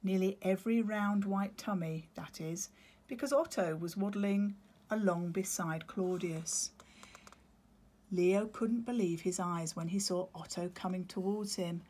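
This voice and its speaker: Slow, expressive English woman teacher. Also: mid-range voice, slightly rough. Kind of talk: reading a children's book aloud. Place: school.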